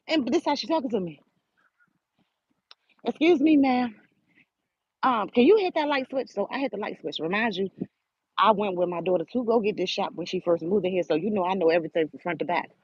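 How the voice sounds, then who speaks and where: An older woman hosting a show, telling a spiritual story in an animated, preachy way and speaking right to her listeners. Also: mid-range voice, husky. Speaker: host. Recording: dull lo-fi audio.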